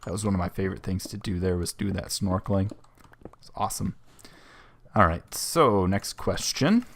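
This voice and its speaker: A young man hosting casual video game commentary, answering viewer questions in a rambling, self-correcting, relaxed way. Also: deep voice, normal speed, slight background noise. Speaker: host.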